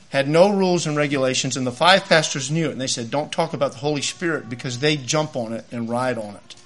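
High, bright-voiced man preaching. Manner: animated, acts out voices in his stories. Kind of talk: sermon with storytelling.

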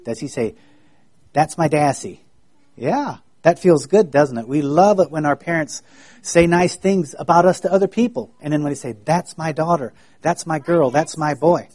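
A man giving a children's sermon, in a gentle, folksy way that keeps asking the children questions. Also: a little high, moderate pace.

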